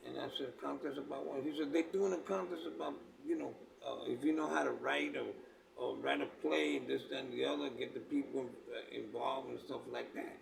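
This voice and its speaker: A man's voice: mid-range voice, fairly even intonation, a little fast, gravelly, noisy background. A man tells a story in a laid-back street way, laughing at his own tale and filling his talk with "man" and "you know". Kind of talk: casual spoken storytelling. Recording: voice picked up from a distance.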